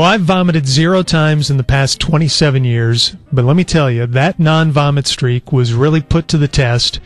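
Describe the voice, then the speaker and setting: A man in his forties hosting a radio show, sounding weak and worn out as he tells a long story in easy chat. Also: on the high side. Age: 40s. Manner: easygoing storyteller. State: weak and worn out after illness. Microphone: studio microphone.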